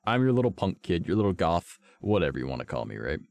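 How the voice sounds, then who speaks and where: Low-voiced, blunt young man. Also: big pitch swings, quick pace, creaky, darkish tone, no room sound. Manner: blunt, profane storytelling. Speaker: streamer. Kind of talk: casual storytelling chat.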